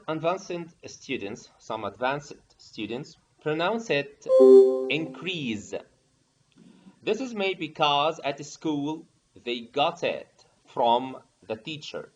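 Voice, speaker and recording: Male teacher trainer, slow and animated delivery, muffled lo-fi sound. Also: mid-range voice, a little hiss or hum. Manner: explains step by step, often checks with "okay?". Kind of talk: online training lesson.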